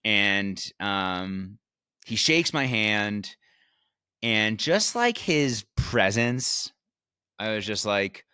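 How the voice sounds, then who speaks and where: Young guy rambling thru a story, bright kinda tense voice, low-ish, dry close sound. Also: animated, normal speed, clear, resonant tone, dry recording. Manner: rambling, many fillers and restarts, swears. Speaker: vlogger recapping a race weekend. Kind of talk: casual storytelling.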